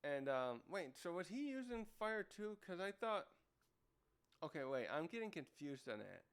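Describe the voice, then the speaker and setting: A man's voice: fairly high pitch, sing-song, moderate pace, fairly bright tone, clean tone. Rambling man reviewing a comic. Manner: rambling, with many fillers and restarts. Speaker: manga reviewer. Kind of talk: casual chat.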